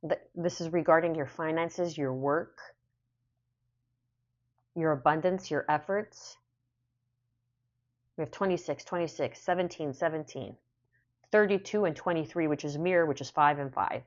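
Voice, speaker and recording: A woman's voice: low-pitched, moderate pace, long pauses, highs cut off. A woman giving a casual spoken tarot reading, repeating phrases in a soothing, affirming way. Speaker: tarot reader.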